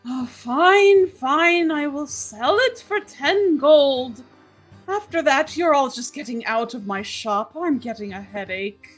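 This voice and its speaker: A woman's voice: a little high, expressive, moderate pace, hardly any pauses, a bit bright, soft background music, poor audio. A woman voicing a sarcastic, irritable male moon elf shopkeeper in a tabletop game. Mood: exasperated. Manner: exasperated, sarcastic, sighing.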